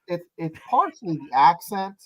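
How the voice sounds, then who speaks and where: A man's voice: sits high, very animated, moderate pace, lo-fi sound. A man joining a podcast as a guest, joking and telling stories in casual chat. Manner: joking, storytelling.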